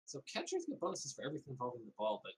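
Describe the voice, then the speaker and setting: A man's voice: mid-range voice, huge pitch swings, very fast, slight background noise, poor audio. A man playing a tabletop game over a voice call, joking and thinking aloud about tactics.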